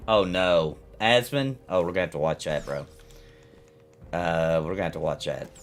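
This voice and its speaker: A man's voice: sits low, normal speed, faint music behind. Rambling man streaming a game. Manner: rambling, ranting, reacting to chat. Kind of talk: casual live-stream chat.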